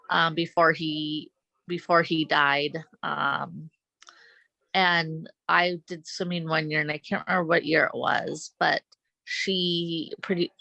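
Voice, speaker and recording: A woman athlete speaks as a podcast guest in an earnest, halting way, circling back and restarting her sentences. Her voice sits low with a gravelly edge. The tone is bright and forceful, and the sound is dry and close. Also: no echo, poor audio. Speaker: guest, Special Olympics athlete. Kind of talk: conversational interview storytelling.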